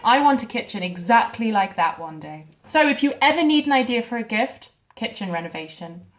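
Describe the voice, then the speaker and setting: An actress playing a young wife who records a shaken video message to her mother, speaking softly and haltingly. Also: fairly high pitch, expressive, lightly acted, poor audio. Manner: soft, hesitant, halting delivery with quiet dips. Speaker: actor in a short film. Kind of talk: dramatic monologue as a video message.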